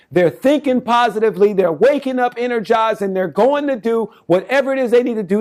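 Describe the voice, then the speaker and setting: A man in his forties delivering an impassioned, rambling monologue straight to the camera, in slangy casual speech full of restarts. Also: very high-pitched. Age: 40s. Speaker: self-styled political campaigner.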